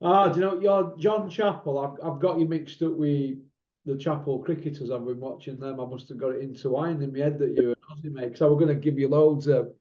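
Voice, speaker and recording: A man with a fairly high voice hosts a casual online boxing chat show. He talks bluntly and rambles, saying what he thinks. The sound is dull and lo-fi, like online call audio. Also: steady tone, brisk. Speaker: boxing channel host.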